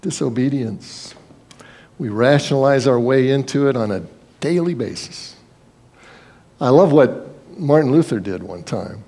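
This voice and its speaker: A man's voice: medium pitch, unhurried, dark tone. A man preaching a sermon as pastor, in a conversational style, acting out quoted voices and sometimes repeating words.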